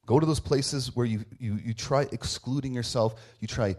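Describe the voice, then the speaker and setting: A man's voice: medium pitch, moderate pace, darkish tone. A man in his thirties giving a casual, conversational sermon as a pastor. He talks informally and earnestly, tells personal stories and keeps checking in with "right?". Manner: informal, repeats "right?" often, restarts phrases.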